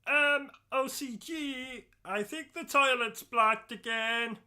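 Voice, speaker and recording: A man's voice: very high-pitched, takes it slowly, sharp tone, smooth, heavily acted. A man voicing a meek, dim-witted male manservant who talks in hesitant, puzzled bursts. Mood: timid.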